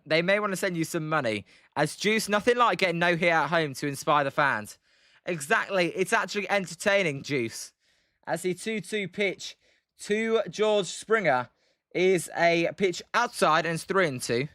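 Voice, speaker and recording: A high, bright-toned British man calls the game pitch by pitch on a casual live stream. His voice is smooth and clear, and he keeps chatting with viewers between plays. The sound is close and dry. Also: no echo. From Britain. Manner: chatty, answers viewers' chat messages between pitches, many fillers. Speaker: live stream play-by-play host. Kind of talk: casual live play-by-play commentary.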